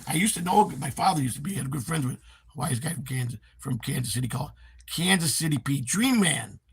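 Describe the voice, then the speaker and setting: A man in his fifties from Chicago with a Chicago accent, hoarse, chatting casually on a livestream and reading viewer comments in a rambling, halting way. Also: medium pitch, lively intonation. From Chicago, USA. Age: 50s. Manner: rambling, halting with many fillers. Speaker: livestream host. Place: home in Florida.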